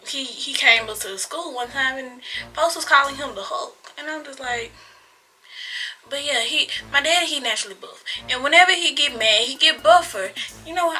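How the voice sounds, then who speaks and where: Very bright-voiced young woman telling a story. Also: sits high, poor audio. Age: young adult. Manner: dramatic retelling with slang and sound effects. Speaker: vlogger. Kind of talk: storytime vlog. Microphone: phone camera.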